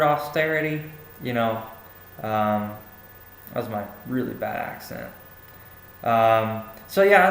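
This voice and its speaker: A young man giving a classmate casual spoken feedback on a paper, hesitant, with many fillers and restarts. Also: medium pitch. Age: young adult. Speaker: student giving peer feedback. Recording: echoey room with faint ambient noise.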